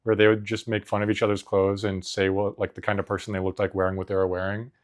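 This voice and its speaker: Speaking fast in a monotone, a man with a fairly low voice co-hosts a podcast. His stories ramble, he laughs often, and "like" plugs the pauses in the casual chat.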